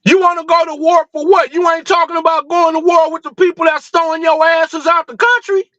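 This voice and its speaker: A man's voice: very high-pitched, flat delivery, a little fast, bright, forceful tone, no room sound, muffled recording. A man hosting a livestream, ranting in a fired-up, blunt and profane way, full of rhetorical questions. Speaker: livestream host. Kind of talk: heated livestream rant.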